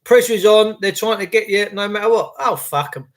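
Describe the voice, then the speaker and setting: High-voiced ranting man. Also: brisk. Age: middle-aged. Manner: animated, blunt, swears freely. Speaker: podcaster. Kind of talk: ranting monologue.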